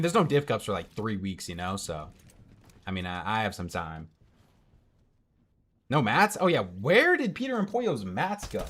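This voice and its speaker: A young man with a husky, medium-pitched voice streams from home through a headset mic. He's chatty, casually commenting on a match while reading out and answering chat.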